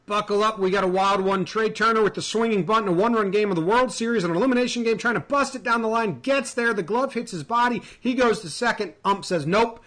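A man narrating a comedic clip with an excitable, profane delivery, shouting and mocking quotes. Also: high-pitched, fast talker, few pauses. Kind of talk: comedic video voice-over.

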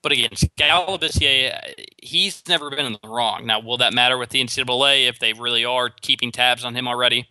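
Bright, fast-talking sports talk host man. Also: medium pitch, dry recording. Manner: opinionated, rapid with frequent restarts. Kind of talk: solo sports talk commentary.

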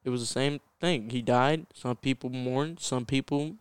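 A man's voice: medium pitch, moderate pace, clean tone, no echo. A man guesting on a podcast in casual chat, giving earnest, blunt opinions.

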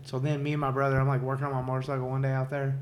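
A man's voice: mid-range voice, completely flat delivery, rapid-fire. Male co-host, easygoing storyteller, mid-range voice, light background hiss. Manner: loose, profane, laughs often, heavy use of like and dude. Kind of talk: casual storytelling chat.

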